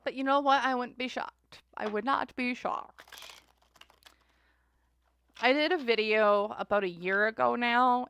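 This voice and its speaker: A woman's voice: mid-range voice, creaky, a bit bright, clean tone. A woman hosting a casual tarot reading chat, talking in a rambling, chatty way. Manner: chatty, rambling, voices others in mocking asides. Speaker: tarot reader host.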